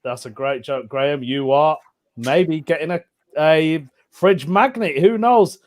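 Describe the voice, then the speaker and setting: A man's voice: on the high side, measured pace. A man reading out listener jokes on a comedy show, giggly and chatty.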